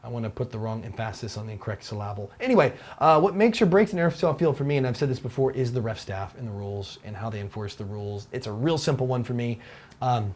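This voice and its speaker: A man hosting a weekly Q&A show, answering viewer questions in a relaxed, rambling way with restarts. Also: mid-range voice, quick pace. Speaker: host. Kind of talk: casual Q&A chat. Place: Taiwan.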